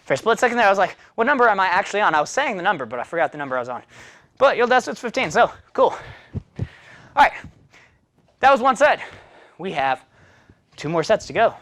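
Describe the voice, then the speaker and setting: A man's voice: sits high, sing-song, fast talker, pauses often, a bit bright. A man teaching a follow-along taekwondo class, counting kicks aloud and coaching between sets in a chatty, self-deprecating way while breathing hard from the workout. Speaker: taekwondo instructor.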